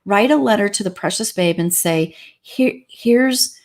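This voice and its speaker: A woman's voice: medium pitch, expressive, brisk. A woman grief counselor on a talk show, teaching in a repetitive, emphatic way. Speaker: pet loss grief counselor. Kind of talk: livestream talk show chat.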